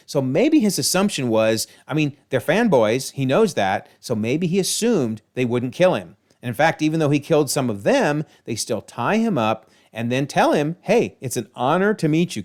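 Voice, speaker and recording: A man hosting a video, recapping a TV episode in an animated, exclaiming way. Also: mid-range voice. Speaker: video host.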